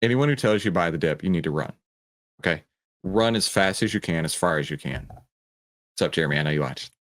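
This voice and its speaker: A man's voice: sits low, lively intonation, a little fast. A man hosting a stock market commentary show, reacting to a clip and explaining a chart, emphatic and checking in with "right?" and "okay?". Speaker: host.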